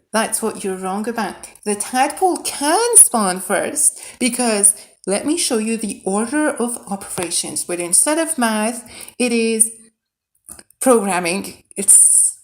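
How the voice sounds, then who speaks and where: A woman live-streaming game mod development, thinking aloud as she works, muttering quietly and then bursting into excited shouts. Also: mid-range voice. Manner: mutters quietly while working.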